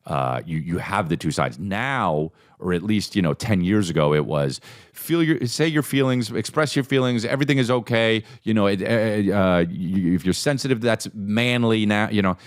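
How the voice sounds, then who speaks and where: A lower-pitched man, maybe in his thirties or forties, tells a story on his podcast. His voice swings widely in pitch as he acts out the people in it, swearing freely and keeping it casual. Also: moderate pace. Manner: animated, profane, acts out quoted voices. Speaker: podcast host.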